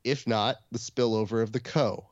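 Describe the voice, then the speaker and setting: A man co-hosting a podcast in casual chat, telling a story and putting on animated voices to quote people. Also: medium pitch, normal speed, no room sound, lo-fi sound. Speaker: podcast co-host.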